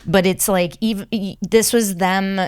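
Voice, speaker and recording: Smooth-voiced woman podcast host, dry sound. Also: medium pitch, steady tone, unhurried, darkish tone, no room sound. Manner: playful, riffs and laughs, thinks aloud with fillers. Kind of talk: casual interview chat.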